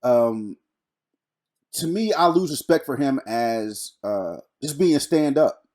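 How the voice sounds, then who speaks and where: A man co-hosting a podcast in a relaxed, slangy way, often restarting his sentences. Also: mid-range voice, slow pace. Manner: laid-back, slangy, hesitant restarts. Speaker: podcast co-host. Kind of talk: casual chat.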